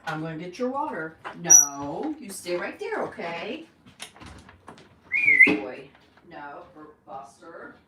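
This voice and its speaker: A woman's voice: fairly low pitch, sing-song, slow, heavy background noise. A woman hosting a casual live stream, chatting with viewers and coaxing her pet bird in a fond, playful way. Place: at home. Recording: roomy, distant mic, faint running water.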